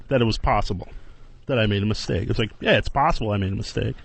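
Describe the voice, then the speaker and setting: A man's voice: lowish voice, a little fast, gravelly, husky. A man who produces a radio show, defending himself in a hesitant way before apologizing. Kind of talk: casual radio banter. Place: radio studio.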